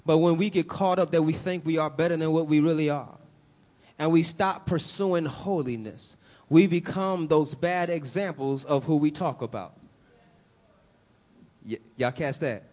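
High-voiced man preaching a sermon. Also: a little slow, a little mellow. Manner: preaching with swells of emphasis, asks the congregation questions.

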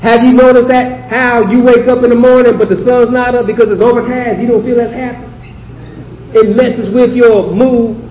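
A man's voice: very high-pitched, fairly even intonation, moderate pace, lo-fi sound. A male pastor preaching a sermon, emphatic and asking the congregation questions. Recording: echoey hall audio with slight hiss.

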